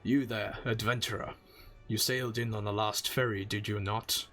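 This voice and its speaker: A man's voice: fairly low pitch, fairly even intonation, normal speed, fairly bright tone, soft background music, lightly acted. A man voicing a stern, suspicious male guard officer who speaks formally and accusingly.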